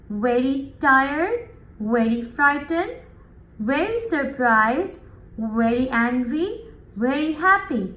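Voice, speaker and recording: Woman teacher w a high voice, talks super slow and drawn out, keeps asking okay students. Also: a bit bright, roomy sound. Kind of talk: recorded classroom lesson.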